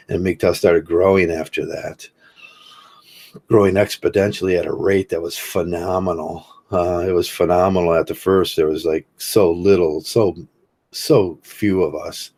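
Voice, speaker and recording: An older man hosts a livestream, reading chat comments and talking casually in a rambling, halting way full of fillers. His voice sits low and sounds husky and a little mellow.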